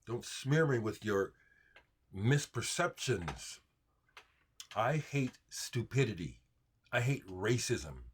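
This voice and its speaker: A man's voice: mid-range voice, big pitch swings, takes it slowly, long pauses, a little hiss or hum. A man from the United States hosting his own video, talking straight to camera in an emphatic, frustrated way and often stopping to restart his sentences. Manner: heated, emphatic, frustrated ranting with repeated restarts. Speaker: video host answering viewer comments. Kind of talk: unscripted monologue to camera.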